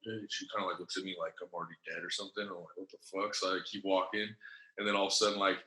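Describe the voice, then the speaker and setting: Male guest, low-ish voice, loose profane storyteller, roomy echo. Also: flat delivery, racing, pushed and bright. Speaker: podcast guest, former wrestler. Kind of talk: casual storytelling. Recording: echoey room.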